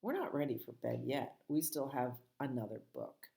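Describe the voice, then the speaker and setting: Low-voiced, animated storytime librarian. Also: female voice, moderate pace, gravelly. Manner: gentle, playful, talks to small children. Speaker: children's librarian. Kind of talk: children's storytime, reading aloud.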